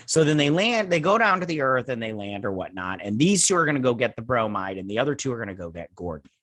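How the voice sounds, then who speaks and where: A man's voice: medium pitch, sing-song, fast, fairly bright tone, no room sound. A man hosting a casual episode recap from home, rambling and sarcastic, leaning on "and everything" and swearing in asides. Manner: rambling, says "and everything" and "he's like" a lot. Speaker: host reviewing a TV episode. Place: home with children playing nearby.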